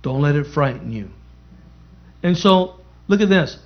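A man's voice: fairly high pitch, animated, measured pace, muffled recording. A man preaching a sermon as pastor, emphatic, repeating key phrases and calling out to the congregation.

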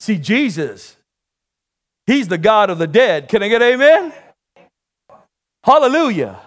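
A man delivers a sermon in a high voice that swings widely up and down. He takes his time, drawing the congregation in with calls for amen, then builds to shouted, excited peaks. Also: a little slow. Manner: call-and-response preaching, rising to shouts. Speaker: preacher.

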